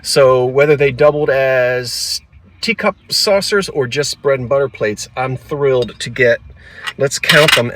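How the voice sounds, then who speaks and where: A middle-aged man with a South Jersey lilt rambles on to himself as he picks through shelves in a thrift store. His voice sits at an ordinary pitch for a man, and he picks it up close on a phone he holds himself. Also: background noise. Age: 40s to 50s. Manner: chatty, talks to himself while browsing. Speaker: antiques vlogger. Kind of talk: casual thrifting vlog. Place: thrift store aisles, then a parked car.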